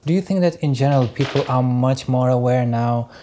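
A man's voice: mid-range voice, fairly quick, background noise. A man interviewing a guest, asking thoughtful questions with some hesitation.

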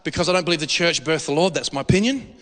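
A man preaching a sermon in a church hall, animated and jokey, asking the congregation questions. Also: fairly high pitch, quick pace. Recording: long hall reverb.

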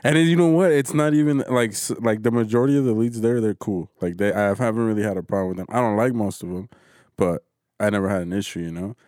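A man's voice: fairly low pitch, fast, darkish tone, no room sound, clean studio sound. A man in casual chat, laid-back and profane, telling a story about work. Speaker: warehouse worker.

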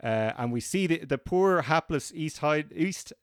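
A man co-hosting a film podcast, leading the discussion in an animated, opinionated way. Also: a little high, measured pace, clean tone, no echo. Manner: animated and opinionated, leads the segments. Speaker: podcast co-host.

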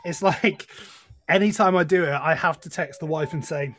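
A man with a fairly high, very bright voice, chatting as a guest and trading crude jokes. His tone is sharp and forward. Faint music sits behind him. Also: normal speed. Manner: joking, crude banter. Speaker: guest streamer. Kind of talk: casual chat.

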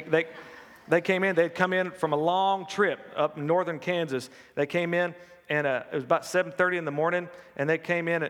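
Folksy preacher. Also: male voice, fairly high pitch, a bit bright, big-room sound. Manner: folksy storytelling with laughs and acted quotes. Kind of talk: sermon with personal stories.

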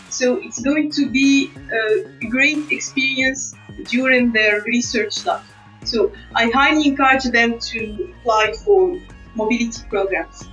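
A woman's voice: high-pitched, fairly bright tone. A woman answering interview questions as a guest scientist, earnest and hesitant, with restarts and light laughs. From Tunisia. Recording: distant, dull remote recording.

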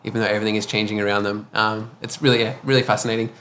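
Halting man, casual chat. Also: fairly low pitch, little pitch movement, fairly bright tone. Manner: halting, searching for words. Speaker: podcast panelist.

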